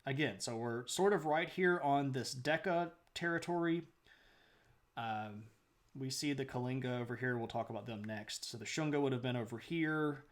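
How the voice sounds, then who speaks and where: A man streaming a casual history lecture, chatty, greeting viewers and laughing often. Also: mid-range voice.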